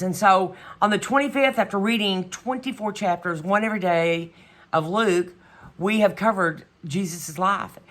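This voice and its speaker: Bright-voiced woman venting in a casual vlog. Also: mid-range voice. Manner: chatty and exasperated, trailing off with "whatever". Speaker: vlogger. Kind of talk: casual chat.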